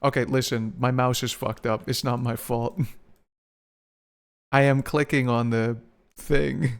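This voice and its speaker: A man's voice: mid-range voice, level tone, takes it slowly, creaky, clean tone. A young man chatting casually on a live stream, rambling, swearing and laughing often.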